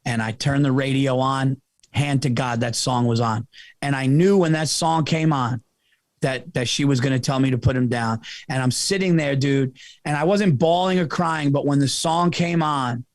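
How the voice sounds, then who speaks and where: A man guest on a podcast, telling a long story in a casual, profane, animated way and often calling the listener "dude". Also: medium pitch, normal speed, dry recording.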